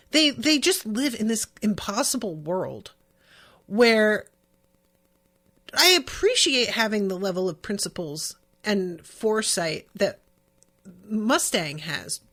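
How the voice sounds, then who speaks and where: A woman's voice: fairly high pitch, a bit bright. A woman hosting a podcast, talking casually about a book and reading passages aloud with chatty asides. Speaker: podcast host.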